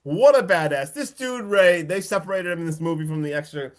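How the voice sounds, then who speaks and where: On a casual podcast, a male host walks through the plot of a horror movie in his slightly high voice. Excitable and freely profane, he keeps slipping into quick impressions, acting out the characters' lines.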